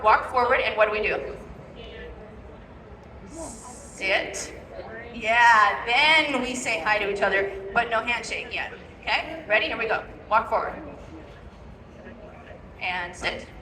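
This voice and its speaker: A woman dog trainer giving a live demonstration, coaching handlers step by step and checking in with a repeated "okay?". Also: fairly high pitch. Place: large indoor expo hall. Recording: echoey hall from far off.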